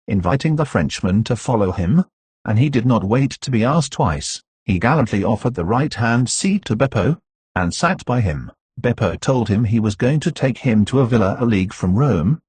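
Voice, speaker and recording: Husky, low-voiced male narrator. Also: a little mellow, no room sound. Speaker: audiobook narrator. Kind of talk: scripted narration.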